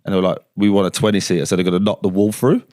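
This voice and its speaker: Deep-voiced man telling a story loosely. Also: little pitch movement, rapid-fire, no room sound, clean studio sound. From England. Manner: swears freely, acts out quotes in a hushed voice. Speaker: guest, former footballer. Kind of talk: casual storytelling. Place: basement studio.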